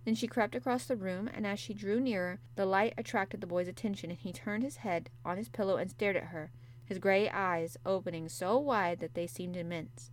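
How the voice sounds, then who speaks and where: A woman narrating a classic storybook in a measured, gentle, unhurried way. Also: mid-range voice, steady tone, a little hiss or hum. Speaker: audiobook narrator. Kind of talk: storybook reading.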